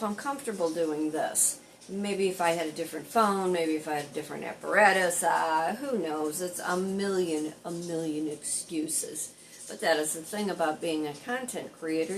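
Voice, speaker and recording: A chatty older woman talks straight to camera in a loose, wandering way, now and then jumping up into lively quoted dialogue. Her voice sits a little low, with a faint hiss of room noise underneath. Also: low-quality recording. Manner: rambling, chatty, animated when quoting others. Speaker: content creator and bartender. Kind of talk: casual vlog storytelling.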